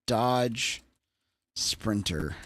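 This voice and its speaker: A man's voice: medium pitch, expressive, drawn-out words, a bit bright, dry recording. A young man livestreaming, chatting casually and jokily with his viewers, with loose swearing. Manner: loose, swearing, jokey with chat. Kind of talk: casual chat.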